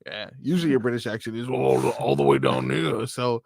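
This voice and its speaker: A male sports radio co-host in casual banter, teasing and quick to laugh. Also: mid-range voice, creaky, a little mellow.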